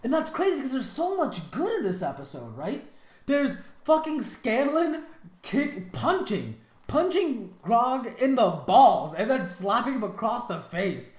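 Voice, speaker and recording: A woman's voice: on the high side, big pitch swings, measured pace, a little mellow. A woman hosting a reaction video, talking in casual, exasperated commentary with lots of restarts and slang. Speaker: reaction channel host. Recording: roomy echo.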